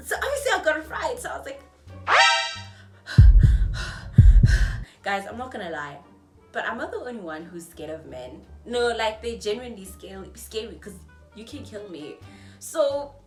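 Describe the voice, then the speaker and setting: A young South African woman tells a story to her vlog audience, chatty and animated, acting out each person's lines. Her pitch leaps up and down constantly. She sits at a distance from the mic in an echoey room, with faint music playing underneath. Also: moderate pace. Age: 20s. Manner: animated, chatty, acts out dialogue in shifting voices. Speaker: vlogger.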